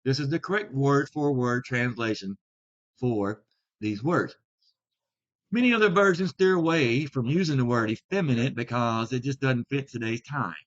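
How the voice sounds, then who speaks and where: A man in a mid-pitched voice gives a deliberate video lesson as a Bible teacher. He leans hard on key words as he explains. The recording is a little dull and lo-fi. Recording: slightly dull lo-fi sound.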